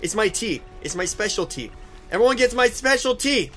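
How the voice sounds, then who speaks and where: A man's voice: high-pitched, expressive, moderate pace. A man giving frantic, profane commentary while playing a team shooter game. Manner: frantic, swearing, yelling at teammates. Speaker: gaming YouTuber. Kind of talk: live gameplay commentary.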